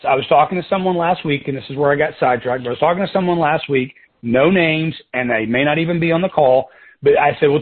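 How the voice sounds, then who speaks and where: Guy coaching his sales team on a phone call, kinda high voice, keeps saying guys and going off on tangents, tinny phone sound. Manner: casual and conversational, keeps saying "guys", drifts into side stories. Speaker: sales team leader and mentor. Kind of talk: coaching talk on a conference call. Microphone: telephone.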